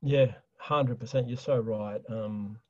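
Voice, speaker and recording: A middle-aged man talks with chatty enthusiasm, an average-pitched voice. The sound is dry and a bit dull, lo-fi. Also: fairly even intonation, slow pace, no room sound. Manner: enthusiastic, chatty, frequent fillers and laughs. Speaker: guest, chocolate business owner. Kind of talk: casual interview talk.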